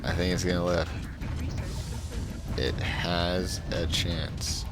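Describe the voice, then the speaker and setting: A young man giving casual gaming commentary, telling a story in a slow, dry, sarcastic way. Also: low-pitched, level tone. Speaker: let's play gamer. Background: game music.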